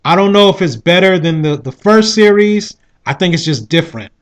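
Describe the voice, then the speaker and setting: A man's voice: high voice, animated, normal speed. A man giving a casual, rambling spoken review of a show, often asking "you know what I mean". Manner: rambling, with frequent 'you know what I mean'.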